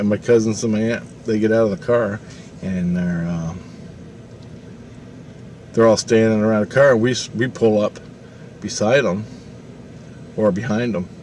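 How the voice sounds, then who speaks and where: A man telling a long, rambling story in a casual, animated way, swearing freely. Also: lowish voice, slight background noise. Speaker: vlogger.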